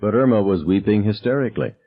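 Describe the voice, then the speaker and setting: A man reading a novel aloud as narrator, calm and measured, dropping low on dialogue tags. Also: muffled recording. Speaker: audiobook narrator. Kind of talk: scripted narration.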